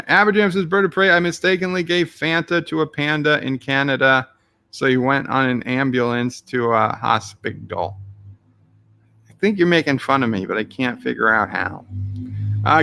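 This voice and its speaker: A man's voice: a little high, moderate pace, creaky, pushed and bright, no room sound. A man streaming live, reading his chat messages aloud with dry joking asides.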